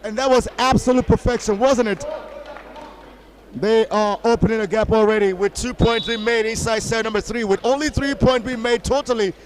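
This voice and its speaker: A man calling a volleyball match live from a commentary box, breaking into shouts on big plays. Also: high voice, fairly even intonation, moderate pace, slight background noise, poor audio. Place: commentary box at an indoor sports hall.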